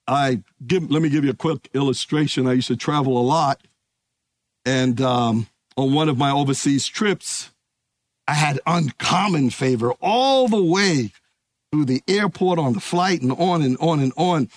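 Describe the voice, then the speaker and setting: A man preaching a sermon, emphatic and calling out to his congregation, easing into relaxed stories. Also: on the high side, measured pace, no echo, studio quality. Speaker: pastor.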